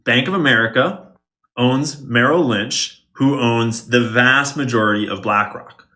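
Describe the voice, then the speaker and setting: A man's voice: mid-range voice, unhurried, bright, forceful tone. A man giving an explainer monologue as an online commentator, with a wry, conspiratorial manner and sarcastic asides.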